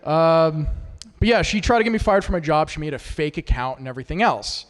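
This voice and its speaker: A man's voice: fairly high pitch, expressive, fairly quick, in a large hall. A man doing a stand-up set at an open mic, crude and self-deprecating as he teases the audience. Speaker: stand-up comic. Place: small performance studio with a live audience.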